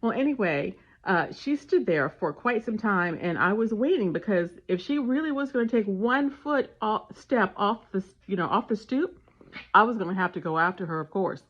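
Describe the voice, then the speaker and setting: A woman casually telling a family story and giving parenting advice, animated and acting out the dialogue. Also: medium pitch, moderate pace. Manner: animated retelling with voiced dialogue. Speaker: parenting vlogger. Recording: dull lo-fi sound.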